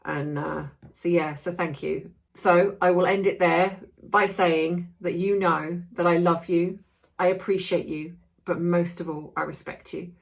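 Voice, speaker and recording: A woman's voice: on the low side, fairly even intonation, a little slow, creaky. A woman giving an impassioned, ranting opinion vlog with many restarts, feeling unwell. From Australia. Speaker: commentary vlogger.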